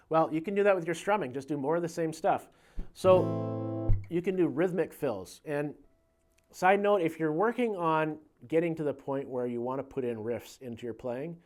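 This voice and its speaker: A man with a fairly high voice walks through a guitar lesson in an easygoing, talky way. He counts beats out loud and clears his throat from time to time. Soft guitar playing sits under his voice. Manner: relaxed, conversational, counts beats aloud, clears throat now and then. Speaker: guitar teacher. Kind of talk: casual video lesson.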